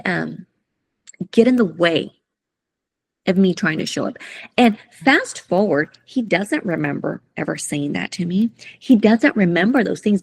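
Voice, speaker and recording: A middle-aged woman telling a personal story in an interview, soft-spoken, halting and emotional. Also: medium pitch, creaky. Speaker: guest, coach.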